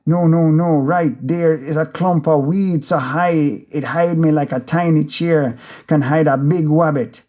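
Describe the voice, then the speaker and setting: A man's voice: fairly high pitch, fairly even intonation, unhurried, hardly any pauses, warm tone, muffled recording. Jamaican man narrating a frantic monologue. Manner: frantic, rambling inner monologue in patois. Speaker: audiobook narrator. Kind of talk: first-person audiobook narration.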